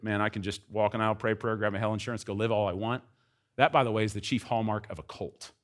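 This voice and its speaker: A man preaching a sermon as pastor, emphatic, with wide swings between quiet and loud. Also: on the low side.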